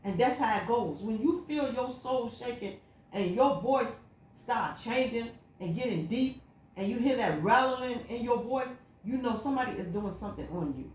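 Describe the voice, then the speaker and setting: A woman's voice: a little high, lively intonation, normal speed, darkish tone, a little hiss or hum. A woman vlogging a personal spiritual monologue, telling her story in an emphatic, repetitive, looping way. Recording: echoey room.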